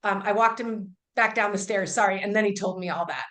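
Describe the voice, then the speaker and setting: A woman's voice: mid-range voice, a little fast, a bit bright. A woman Reiki healer telling an earnest, emphatic story as an interview guest, often restarting her sentences. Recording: roomy echo.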